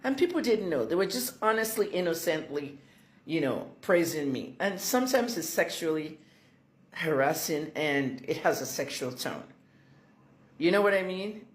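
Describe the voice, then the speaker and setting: A woman's voice: low-pitched, sing-song, normal speed. Indignant woman in an echoey room. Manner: indignant, chatty. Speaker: commentator. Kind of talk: casual vlog commentary.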